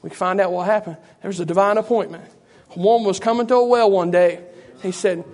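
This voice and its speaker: A man preaches a sermon in a high, ringing voice. He keeps turning to the congregation with "you know what?" and rhetorical questions, building his points through repetition. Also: fairly even intonation, fast talker, a little mellow. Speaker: pastor.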